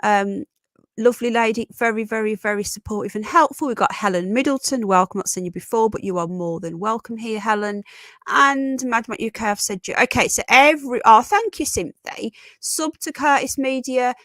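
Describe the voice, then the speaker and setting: A woman hosting a casual live stream, congested from a sinus infection, greeting viewers warmly as darling and sweetheart and swearing bluntly. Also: a little high, normal speed, no room sound, studio quality. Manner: chatty, affectionate, calls viewers darling and sweetheart.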